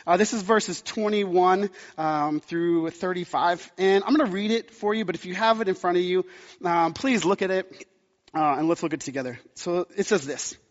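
Man, pastor, sermon, high voice, lots of um and uh, dull sound, long reverb in a hall. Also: normal speed. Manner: chatty storytelling with many fillers.

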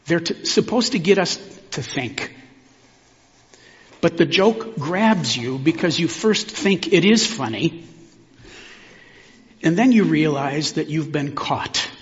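Reflective pastor preaching in a reverberant church. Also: male voice, fairly high pitch, lively intonation. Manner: measured and reflective, with pauses. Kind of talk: sermon. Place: church sanctuary. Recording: long hall reverb, dull sound.

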